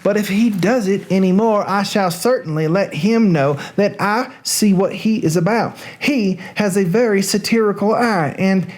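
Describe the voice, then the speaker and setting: A man's voice: high voice, moderate pace, hardly any pauses, a little mellow, lightly acted. A bold, witty young lady from a Regency novel, read by a man in a Southern American accent. She teases and needles with a playful edge. It sounds like a storybook read aloud. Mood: teasing.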